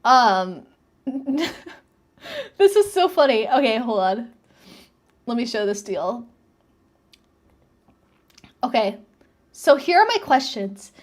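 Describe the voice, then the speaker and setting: Chatty woman with a higher voice. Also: sing-song, slow pace, long pauses. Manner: reads messages aloud and comments, chatty and wondering. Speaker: streamer reacting to posts. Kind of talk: casual reaction commentary.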